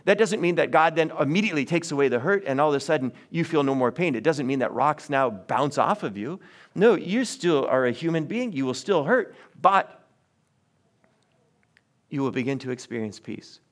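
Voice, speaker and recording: A man preaching a sermon in a church, earnest with wry asides and swings of pitch. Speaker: pastor. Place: church sanctuary.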